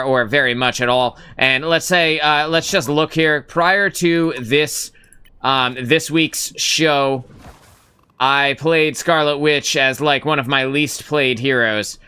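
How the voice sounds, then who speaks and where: A man hosting a live gaming stream, chatting in a relaxed, rambling way with plenty of fillers. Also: on the high side, clean tone, no room sound. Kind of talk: casual live-stream chat.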